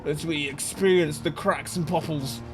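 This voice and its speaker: High-voiced excitable man commenting on racing. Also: moderate pace, music in the background. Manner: excitable, jokey, laughs often. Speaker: gaming channel host.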